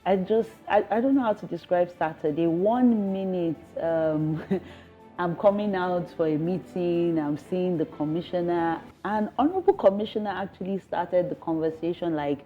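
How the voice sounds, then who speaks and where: A woman in her thirties with a Nigerian English accent, giving an emotional, earnest news interview, halting and pleading at times. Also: fairly low pitch. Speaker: interviewed resident. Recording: slightly dull broadcast audio with faint music.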